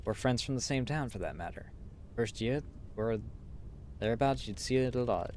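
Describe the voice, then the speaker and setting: A man's voice: medium pitch, expressive, moderate pace, darkish tone, a little hiss or hum, close to an everyday voice. A man voicing a weary, chatty soldier comrade with a put-on British accent, reminiscing conversationally. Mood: reflective.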